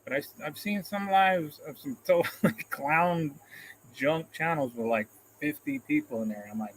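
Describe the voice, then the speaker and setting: A man's voice: on the high side, moderate pace, noisy background. Rambling man chatting on a live stream. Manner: rambling, self-deprecating, chuckles often. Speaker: livestream host. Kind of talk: casual livestream chat, reading comments.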